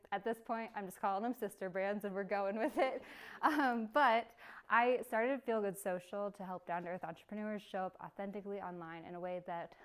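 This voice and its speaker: A woman's voice: medium pitch, clean tone. Bubbly, chatty young woman presenter. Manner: bubbly and chatty, laughs often. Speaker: workshop presenter. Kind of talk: casual live workshop talk.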